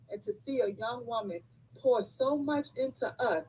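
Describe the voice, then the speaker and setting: A woman's voice: a little high, animated, moderate pace, warm tone, slightly rough, low-quality recording. A woman in her fifties on a live call, tearful and effusive, thanking the host over and over. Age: 50s. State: crying. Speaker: caller on a live stream.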